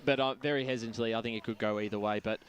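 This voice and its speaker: A man's voice: fairly low pitch, steady tone, very fast, a little hiss or hum. A man hosting pre-match radio chat at a football ground, easygoing and full of restarts.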